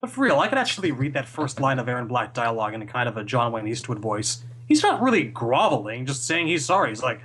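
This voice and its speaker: A man co-hosting a casual podcast chat, with a husky voice and dry, playful quips. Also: mid-range voice, big pitch swings, quick pace, few pauses, fairly bright tone. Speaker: podcast co-host.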